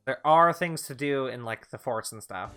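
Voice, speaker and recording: A man livestreams a game, commenting casually with a crisp, bright, forward voice. He reacts chattily and swears now and then, and faint game music plays beneath him. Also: mid-range voice, normal speed. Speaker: streamer.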